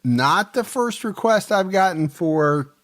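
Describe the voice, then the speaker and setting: A man's voice: high voice, lively intonation, slow pace, fairly bright tone. A man hosting a podcast, chatting casually and easygoing with his co-host. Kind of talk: casual chat.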